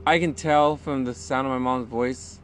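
A man speaking candidly as a podcast guest, halting and restarting often as he tells a personal story. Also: medium pitch, steady tone. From California. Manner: halting, with many restarts and pauses. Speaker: guest sharing recovery story. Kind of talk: candid conversational interview.

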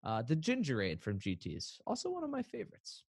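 A man's voice: mid-range voice, wildly swooping pitch, brisk, vocal fry, breathy edge, no echo. Casual male podcast co-host, playful and laughing, dry close sound. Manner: playful, laughs often, rambling asides. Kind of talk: casual chat.

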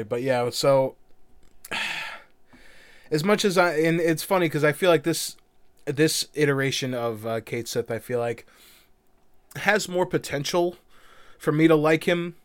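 A man co-hosting a podcast in loose, rambling chat, laughing often and dropping casual swears. His voice is smooth and resonant. The sound is dry and close. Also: fairly high pitch, expressive, measured pace, pauses often, dry recording. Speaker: podcast co-host.

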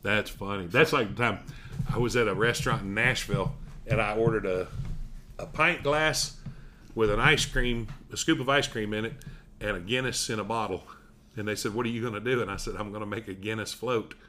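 A man's voice: fairly low pitch, brisk, pushed and bright, slight background noise. Folksy Southern storyteller man. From Tennessee, US. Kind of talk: casual storytelling chat.

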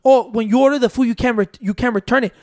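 High-voiced man telling a story. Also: fast, a little mellow, no echo, clean studio sound. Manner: rambling, profane, mixing in Spanish, keeps saying "wait". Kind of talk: casual storytelling among friends.

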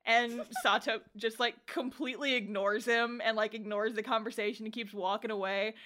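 A young woman co-hosts a casual podcast in a slightly high voice. She is animated and laughs often, and she acts out the characters' lines as she retells scenes. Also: normal speed. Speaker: podcast co-host. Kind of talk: casual chat.

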